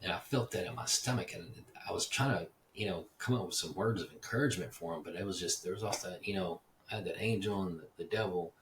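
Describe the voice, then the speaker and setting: A man's voice: deep voice, fast talker, few pauses, roomy sound, recorded from a distance, slight background noise. A man casually telling a story in a profane, rambling, reflective way, acting out the dialogue. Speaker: podcast host. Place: echoey house.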